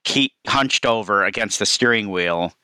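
A man on a podcast casually recounting a movie scene in detail, lively and expressive. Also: fairly low pitch, moderate pace, smooth, no echo. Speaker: podcast co-host.

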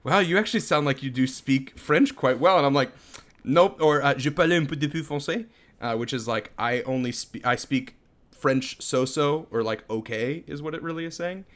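A man co-hosting a podcast, telling stories in an animated, casual chat and laughing often. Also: mid-range voice, normal speed. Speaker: podcast co-host.

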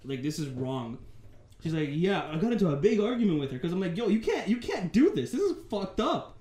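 A man's voice: sits high, very animated, brisk, warm tone. A young man, a podcast co-host, telling a story casually and animatedly, acting out the dialogue and swearing freely.

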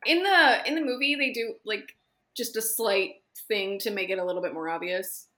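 A young woman guest on a book podcast with a bright, forward voice. She chats in a giggly, animated and playful way. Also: mid-range voice, normal speed. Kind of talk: casual book podcast chat.

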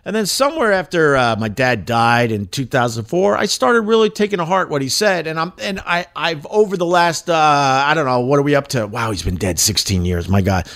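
A man's voice: fairly high pitch, fairly quick, gravelly, few pauses. Profane, rambling middle-aged man host. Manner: profane, rambling, animated and emphatic. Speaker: podcast host, former shock jock radio host. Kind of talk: casual monologue reading social media posts.

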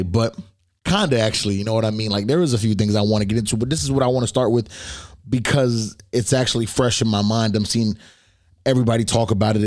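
A man talks loosely and in slang as he hosts his own podcast, speaking straight to his listeners. His voice is a little worn from talking so much, and his pitch sits in the everyday middle range. The recording is dry and close, with no room echo. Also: a little mellow. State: slightly losing his voice. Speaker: podcast host. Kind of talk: casual solo podcast talk.

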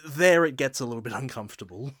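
A man co-hosting a casual movie podcast, answering thoughtfully and often pausing to search for words. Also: mid-range voice, animated, a bit bright, breathy edge, no echo, clean studio sound. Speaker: podcast co-host.

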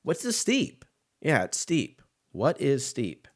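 A man's voice: medium pitch, huge pitch swings, slow pace. Laid-back, profane man in his thirties. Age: 30s. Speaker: podcast host. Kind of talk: casual solo podcast chat.

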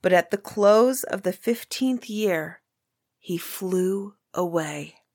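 A woman's voice: medium pitch, lively intonation, slow, a little mellow, no echo, studio quality. A woman voicing a humble old seer. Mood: solemn. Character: humble old male Persian seer, solemn.

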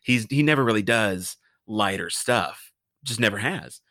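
Low-voiced man chatting about films. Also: lively intonation, unhurried, pushed and bright, no room sound, clean studio sound. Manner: rambling, hesitant restarts. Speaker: podcast co-host. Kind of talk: casual film discussion.

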